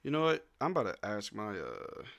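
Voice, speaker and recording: A man hosting a casual live watch-along, calling plays excitedly at home and tossing in joking asides with lots of "bro.". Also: fairly low pitch, fairly quick, creaky, highs cut off. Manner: excitable play-by-play mixed with joking asides, says "bro" often. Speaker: live stream host.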